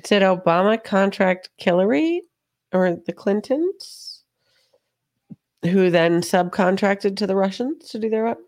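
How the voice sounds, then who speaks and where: A woman hosting a podcast in casual, sarcastic chat, hoarse from a cold. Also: mid-range voice, a little slow, no echo, clean studio sound. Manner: sarcastic, lively. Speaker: podcast host.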